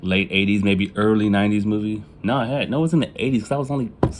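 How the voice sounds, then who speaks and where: Casting note: man with a lowish voice, candid confessional vlog storytelling, faint room ambience behind. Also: steady tone, rapid-fire, background noise. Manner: casual, profane, laughs at his own jokes; acts out family members in quoted lines. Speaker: vlogger telling his life story. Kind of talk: casual storytelling.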